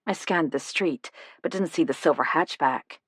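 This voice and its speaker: Low-voiced woman narrating an audiobook. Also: normal speed, husky, dry recording. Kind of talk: scripted first-person narration.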